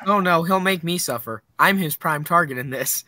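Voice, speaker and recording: A man joking and swearing loudly while playing with friends in voice chat. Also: fairly high pitch, normal speed, crowd noise. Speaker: gamer friend. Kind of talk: casual gaming chat.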